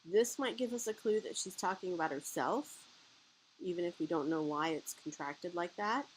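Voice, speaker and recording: A woman talks viewers through a French lesson with patient, step-by-step explanations. Her voice sits a little low. A faint hiss runs under the recording. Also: low-quality recording. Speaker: French teacher. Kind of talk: guided video lesson narration.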